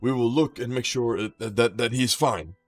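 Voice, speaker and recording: A man's voice: mid-range voice, moderate pace, no echo, soft background music, pitched above the performer's own voice, natural voice. A man voicing an earnest, polite male city guard who restarts his phrases.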